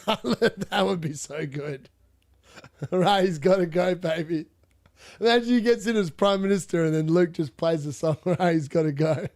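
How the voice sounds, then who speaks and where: Chatty Australian man, fairly high voice. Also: unhurried, darkish tone. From Perth, Western Australia. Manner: chatty, rambling, laughs often, blunt slang. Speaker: fantasy football streamer. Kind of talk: casual live-stream chat, answering viewers.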